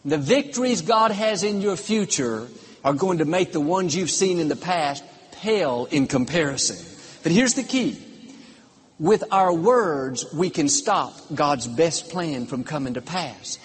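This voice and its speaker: A man's voice: on the high side, animated, unhurried, a little hiss or hum. A man preaching a sermon as pastor, upbeat and emphatic, building each declaration with rising force. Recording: long reverb of a large hall.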